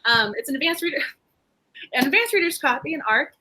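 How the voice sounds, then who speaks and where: Bright, high-voiced bubbly woman. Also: very animated, fairly quick, slight background noise, low-quality recording. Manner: bubbly, laughs often. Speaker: book club co-host. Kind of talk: casual live stream chat.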